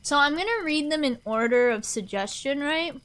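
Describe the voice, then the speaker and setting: A woman's voice: high voice, expressive, normal speed, fairly bright tone. A young woman streamer chatting casually with her live audience, rambling and answering chat aloud.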